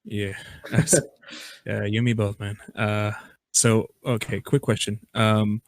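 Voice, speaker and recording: A man hosting a podcast, asking questions in a halting, casual way. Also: lowish voice, flat delivery, dry recording. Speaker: podcast host. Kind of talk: casual interview chat.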